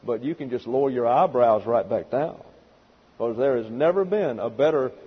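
A man's voice: medium pitch, husky, long reverb tail, muffled recording. A man preaching as a pastor, working through numbered points in a methodical Bible lesson with dry asides. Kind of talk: expository Bible teaching.

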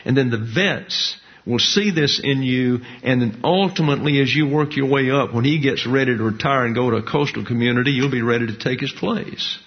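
A man, preaching a sermon in a measured, folksy teaching manner with colloquial asides. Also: mid-range voice. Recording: dull lo-fi recording.

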